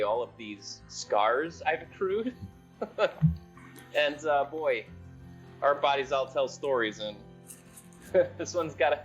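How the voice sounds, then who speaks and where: Laid-back tabletop player, lively pitch, slightly dull lo-fi sound. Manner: easygoing, laughing, folksy. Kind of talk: casual tabletop role-play.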